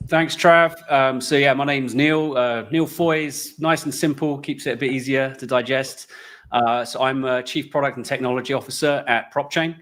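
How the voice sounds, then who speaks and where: Man, mid pitch, flat intonation, relaxed, panel guest. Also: normal speed. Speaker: chief product and technology officer, panel guest. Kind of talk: panel discussion.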